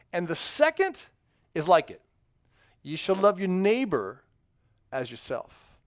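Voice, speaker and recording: A middle-aged man leads a children's sermon, asking questions and cheering on each answer with warm encouragement. His voice sits a little high, and the recording is dry and close with little room sound. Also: dry recording. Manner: upbeat, encouraging, quizzes kids and praises answers. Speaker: children's pastor. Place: church sanctuary.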